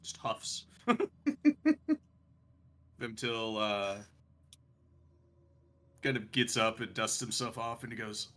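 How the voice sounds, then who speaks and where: A man's voice: lowish voice, flat delivery, slow, long pauses, sharp tone. A man narrating as game master in a casual, laugh-filled, profane way. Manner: laughing, casual, swears freely.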